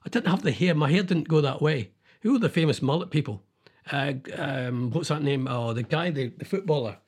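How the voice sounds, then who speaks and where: A man with a slightly husky, fairly high voice hosts a casual chat. He rambles and thinks aloud, chuckling between stories. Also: animated, fairly quick.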